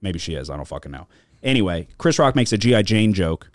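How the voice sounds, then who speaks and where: A man's voice: deep voice, big pitch swings, quick pace, no room sound, studio quality. A man hosting a podcast, telling rambling stories full of swearing and filler words in casual chat. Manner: rambling storytelling, heavy swearing, lots of filler. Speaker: podcast host.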